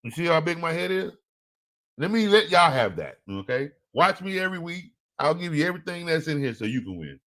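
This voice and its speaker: A man's voice: fairly high pitch, fairly quick. Joking man hosting a football show. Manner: animated, joking, laughs often, speaks in slang. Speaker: fantasy football show host. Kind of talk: casual live-stream talk.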